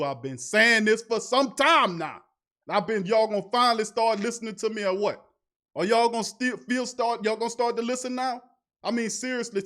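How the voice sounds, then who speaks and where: A fired-up male sports-talk host on a fan show, a little higher-pitched than most men. He rants in loose, slangy talk, piling up one rhetorical question after another and breaking into mocking laughter. It is an informal, heated commentary with a raised voice. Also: fairly bright tone. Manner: casual, slangy street talk.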